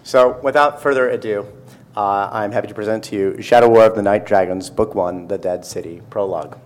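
A man's voice: on the low side, a little fast, slight background noise. Man, author at a reading, casual, joking, self-deprecating asides. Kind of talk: casual talk to a live audience.

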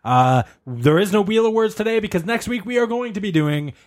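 A man's voice: sits high, expressive, brisk. A man hosting a casual comedy podcast, reading listener questions, joking and swearing freely. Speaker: podcast host.

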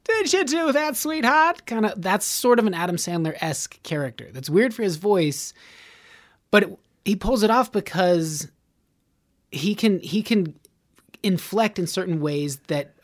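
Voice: mid-range voice, lively intonation, measured pace. A podcast host talking casually and at length, dropping into brief put-on voices to make points. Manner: rambling, acts out short voice snippets. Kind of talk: casual chat.

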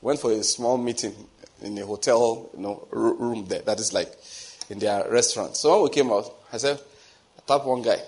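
A man's voice: medium pitch, normal speed, a little mellow. A man preaching a sermon, telling personal stories and repeating phrases for emphasis. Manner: storytelling, repeats phrases for emphasis, asks listeners rhetorical questions.

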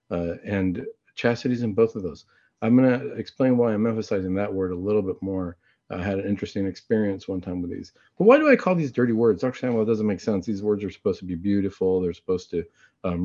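A man hosting a Catholic talk show, chatting in a casual, conversational way and often clearing his throat. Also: fairly low pitch, dark tone. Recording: dull lo-fi recording.

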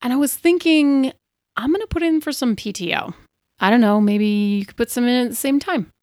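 A woman with a fairly high voice hosts and plays an improvised tabletop role-play game. She chats with giggles and hesitant restarts. The sound is close and dry. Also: fairly quick, darkish tone, no room sound. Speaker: podcast host and player.

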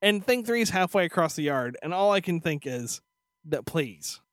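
A man co-hosting a podcast, telling stories in casual chat, animated and profane, slipping into voiced asides. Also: a little high, normal speed, dry recording, studio quality. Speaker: podcast co-host.

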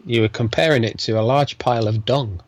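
A man's voice: mid-range voice, fairly even intonation, a little fast, dry recording. Dry-humoured man on a podcast. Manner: dry teasing banter with short murmured replies. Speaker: podcast co-host. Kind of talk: casual chat.

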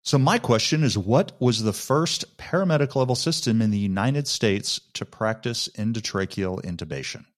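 Low-voiced East Texas man. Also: expressive, normal speed, few pauses. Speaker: guest emergency physician. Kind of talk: casual podcast interview.

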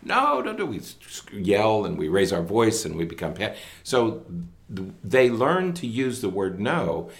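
A man's voice: fairly low pitch, lively intonation, unhurried, vocal fry. A middle-aged man and educator co-hosting a parenting talk show, speaking emphatically and acting out what kids and parents say. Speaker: podcast co-host, educator. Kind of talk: casual parenting advice chat.

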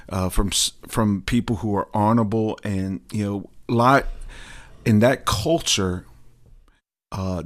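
A man co-hosting a casual Bible discussion podcast, speaking hesitantly with many fillers. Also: fairly low pitch. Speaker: podcast co-host.

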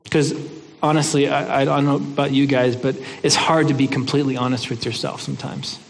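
Earnest male preacher, conversational and a little halting, fairly high voice, long reverb behind him. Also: fairly even intonation. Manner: earnest, conversational, with frequent restarts and stammers. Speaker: pastor. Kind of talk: sermon.

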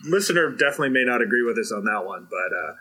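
A male podcast co-host talks casually, with a very bright, sharp-edged tone over a husky grain. He works through his points thoughtfully and at some length. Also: medium pitch, animated, rapid-fire, low-quality recording.

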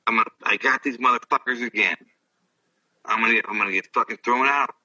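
A man's voice: medium pitch, quick pace, sharp tone, recorded from a distance, dull audio. An older man, a former ballplayer, telling rambling, profane stories in casual chat. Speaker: guest, former baseball player. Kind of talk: casual storytelling.

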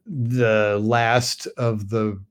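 A man's voice: medium pitch, level tone, extremely slow, clean tone. A man in casual chat, summarizing a fantasy novel in a rambling way, with frequent restarts. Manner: rambling, lots of fillers and restarts. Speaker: podcast host summarizing a book.

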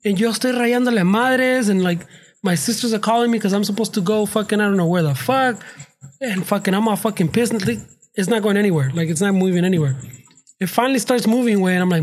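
A man's voice: sits high, fast talker. A man telling a story in a casual podcast chat, profane and laughing, mixing English and Spanish. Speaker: podcast co-host.

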